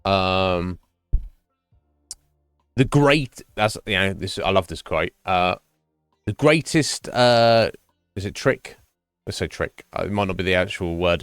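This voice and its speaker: A man's voice: low-pitched, fairly bright tone, no echo. A man streaming a game and chatting casually with his viewers, musing aloud with lots of fillers and restarts. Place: home streaming setup. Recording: dry close mic, faint game music behind.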